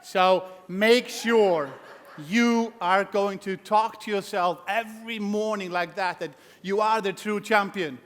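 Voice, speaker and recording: Speaking slowly in a high voice, a male motivational speaker delivers an energetic stage talk, acting out voices and shouting to stir the crowd. The large conference hall echoes with long reverb.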